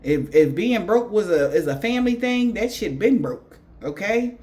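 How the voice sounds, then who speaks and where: A woman's voice: medium pitch, animated, moderate pace, darkish tone. A woman giving a spiritual reading in blunt, profane slang. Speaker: tarot reader.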